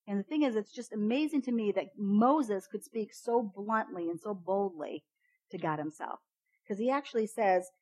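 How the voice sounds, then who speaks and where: A woman giving a casual, chatty devotional Bible teaching, often repeating "you know, the thing is" and jumping up in pitch when acting out quotes. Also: animated, normal speed, a little mellow, rough recording.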